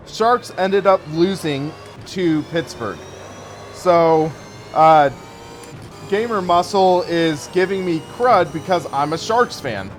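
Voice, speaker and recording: A young man in his early twenties chatting casually over a live racing-game session. He reads out viewer messages and wanders between stories, and his voice sits a bit high for a man. Soft music plays faintly in the background. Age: early 20s. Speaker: sim racing streamer. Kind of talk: casual live gameplay commentary.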